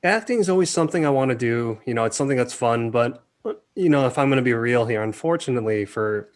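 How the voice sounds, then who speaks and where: A man being interviewed as a film director, talking casually and acting out quotes in animated stories. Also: medium pitch, fast. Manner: animated storyteller, acts out quotes.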